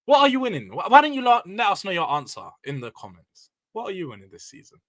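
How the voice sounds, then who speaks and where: A man hosting a casual football live stream, loud and emotional, ranting and then bringing it back down. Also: high-pitched, huge pitch swings, fast talker, poor audio. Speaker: livestream host.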